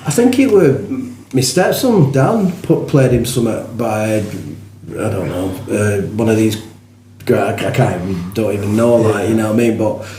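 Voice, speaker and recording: A man's voice: lowish voice, animated, moderate pace, mellow. A man with a Bolton accent, a musician guest telling stories in a casual chat, swearing freely and laughing as he talks. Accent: Bolton, Lancashire. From England. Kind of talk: casual pub-style chat. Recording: roomy echo, faint background noise.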